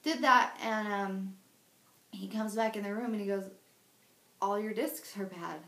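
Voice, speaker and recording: A woman's voice: medium pitch, steady tone, a little slow, fairly bright tone, roomy sound, low-quality recording. A woman in her twenties telling her own story in a personal video diary, candid and emotional, rambling with many restarts. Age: 20s. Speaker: patient sharing her surgery story.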